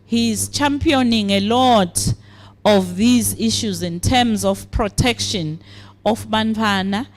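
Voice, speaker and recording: A woman with a Swazi accent giving a formal speech at a program launch, deliberate and pausing often. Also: medium pitch, slight background noise. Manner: deliberate, with frequent hesitations. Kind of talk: formal speech mixing English and siSwati.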